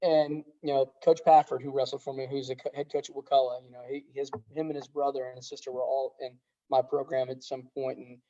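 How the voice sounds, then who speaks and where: A middle-aged man, a high school wrestling coach, talking earnestly in a casual podcast interview, rambling with many restarts. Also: little pitch movement, fairly quick, dark tone. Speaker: head wrestling coach, guest. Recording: dull lo-fi sound.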